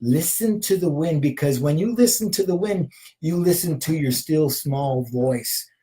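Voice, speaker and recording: A man in his fifties, a shamanic healer, giving a spiritual motivational talk. He repeats searching questions and punctuates them with a soft "aho", sometimes dropping to a whisper and at other times rising into passionate, emphatic affirmations. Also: a little high, unhurried, rough recording. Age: 50s.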